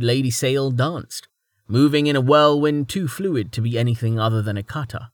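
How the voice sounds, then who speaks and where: A man narrating a fantasy audiobook in an expressive reading style. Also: mid-range voice, no echo, studio quality.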